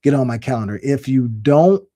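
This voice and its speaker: A man's voice: mid-range voice, moderate pace, dark tone. A man talking casually to camera as an online business coach, emphatic and fond of repeating his points. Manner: folksy, emphatic, repeats phrases for effect. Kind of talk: casual direct-to-camera talk.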